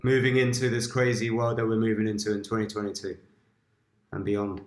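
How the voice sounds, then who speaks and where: A man hosting an interview over a video call, asking slow, searching questions. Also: lowish voice, flat delivery, roomy sound. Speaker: host.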